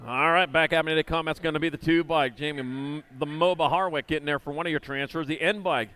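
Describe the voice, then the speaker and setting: In an indoor arena, a race announcer calls live BMX heats, rapidly rattling off rider names and moto numbers and tossing in corny jokes between them. His voice is on the high side, steady, pushed and bright, with a clear, resonant tone.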